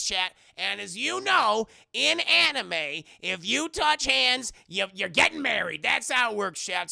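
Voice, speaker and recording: A man's voice: sits high, creaky, pushed and bright, no echo, clean studio sound. A man casually recapping an anime episode, profane and chatty, talking to his chat. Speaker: anime reviewer.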